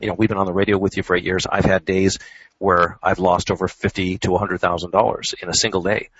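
A man talking in a measured, reflective and candid way as a regular on a radio show. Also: low-pitched, level tone, fairly bright tone, a little hiss or hum. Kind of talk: casual radio talk. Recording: dull, dry radio sound.

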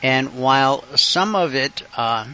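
A man's voice: mid-range voice, expressive, slow pace, sharp tone, highs cut off. A man hosting a radio talk show, rambling and chuckling as he reminisces. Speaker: radio host. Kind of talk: casual talk radio chat.

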